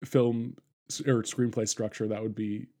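A man's voice: lowish voice, flat delivery, measured pace, warm tone. A man hosting a casual film discussion podcast, rambling with fillers and restarts and laughing often. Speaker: podcast host.

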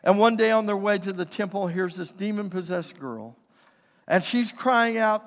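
A man preaching a sermon, building from quiet storytelling to impassioned, shouted declarations. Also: high-pitched, animated, normal speed. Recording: long hall reverb.

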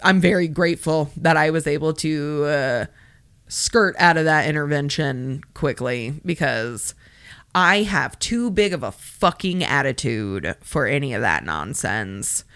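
A woman's voice: sits low, expressive, measured pace, fairly bright tone, clear, resonant tone, no echo. A woman co-hosting a podcast, telling a story in casual chat with frequent swearing and sassy asides. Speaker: podcast co-host.

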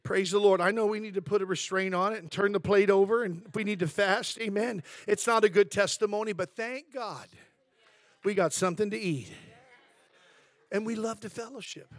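A man preaching a sermon as pastor, telling stories with frequent amens and praise interjections, and climbing to shouts at the high points. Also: moderate pace, no room sound. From Southern California. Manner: storytelling preacher, rising to shouts.

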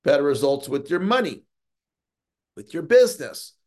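A middle-aged man coaching on a motivational call, earnest, often slowing down to stress key words and repeating phrases. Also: a little high, very animated. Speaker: sales coach.

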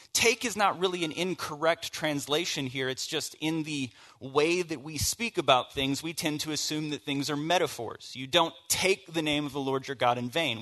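Bright-voiced man preaching a sermon. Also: mid-range voice. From American South. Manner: storytelling, conversational, shifts from hushed to emphatic. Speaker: pastor.

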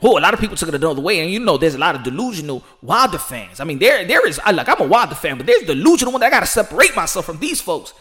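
A man giving rambling, animated casual commentary as a boxing vlogger, laughing often. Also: high voice, racing, few pauses.

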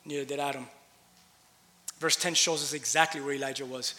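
Impassioned male pastor, high bright voice, long church reverb. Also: a little fast, pauses often. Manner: impassioned, swings from loud preaching to hushed asides. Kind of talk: sermon.

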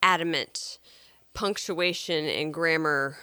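A woman from Missouri, co-hosting a casual podcast, joking playfully with puns and quick laughs. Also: sits low, fairly even intonation, sharp tone, clear, resonant tone, no room sound, clean studio sound. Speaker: podcast co-host. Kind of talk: casual chat.

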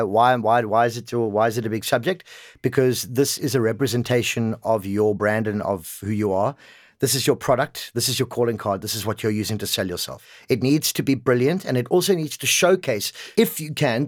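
A man's voice: medium pitch, dry recording, studio quality. A man who coaches voiceover, talking animatedly in a casual interview and slipping into example voices.

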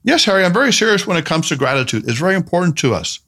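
A man voicing a calm, playful male spiritual teacher in an audiobook, speaking gently, with teasing emphasis. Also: high-pitched, rapid-fire, pitched above the performer's own voice, full character voice. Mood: gently insistent. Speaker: mentor character in an audiobook. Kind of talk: audiobook character reading.

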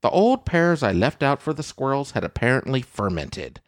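A man hosting a comedic podcast, reading joke op-eds with animated, swooping delivery and frequent "okay?" asides. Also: normal speed, no room sound, clean studio sound. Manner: animated, swooping pitch, repeats "okay?" for emphasis. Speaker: podcast host.

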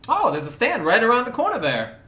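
A man's voice: fairly high pitch, lively intonation, normal speed, pushed and bright, echoey room. A man voicing a chatty woman drink vendor who pushes fizzy spritzers, his put-on accent wandering about. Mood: pushy. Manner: pushy sales patter, wandering accent.

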